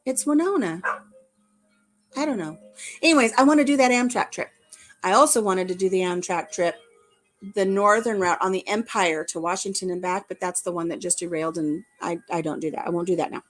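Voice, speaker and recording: A middle-aged woman hosts a casual live stream chat. She talks in a playful, rambling way and laughs often. Soft music plays quietly behind her. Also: mid-range voice, normal speed, long pauses. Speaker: livestream host.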